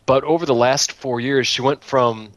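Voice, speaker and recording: A man's voice: mid-range voice, fairly even intonation, normal speed, fairly bright tone, dry recording. A man co-hosting a podcast in casual chat, laughing often and tripping over his words as he tells stories. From United States. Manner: chatty, laughs often, stumbles and repeats words. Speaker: podcast co-host.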